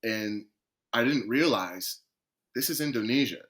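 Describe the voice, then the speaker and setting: Male podcast guest with a bright, forceful voice, animated storyteller who acts out what people said. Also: medium pitch, unhurried. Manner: lively storyteller, acts out quoted conversations. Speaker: guest, professional footballer.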